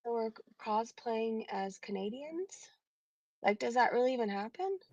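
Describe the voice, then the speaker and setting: A woman's voice: on the high side, lively intonation, moderate pace, a little mellow, muffled recording. A woman hosting a casual livestream, rambling with lots of fillers and frequent laughs. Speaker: livestream host.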